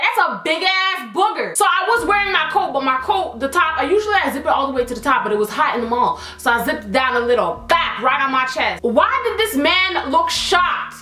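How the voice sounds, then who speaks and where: High, bright-voiced young woman. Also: reverberant. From Canada. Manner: animated, slangy, exaggerated storytelling. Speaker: vlogger. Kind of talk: animated storytime vlog.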